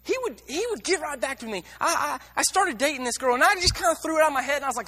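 A man's voice: extremely high pitch, animated, racing, hardly any pauses, bright, forceful tone, in a large hall. A man preaching a sermon in a blunt, candid and emotional way, with many restarts and repeated words.

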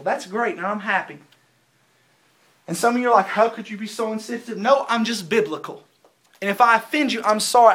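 A young man preaching with fervent, emphatic force, his voice sitting high for a man. He hammers his points home by repeating the same phrases again and again. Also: a bit bright. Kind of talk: sermon.

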